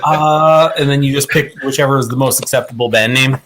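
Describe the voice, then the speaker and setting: A man's voice: medium pitch, fairly even intonation, a little fast, noisy background. A man in a casual chat, telling a wry story with mock quotes.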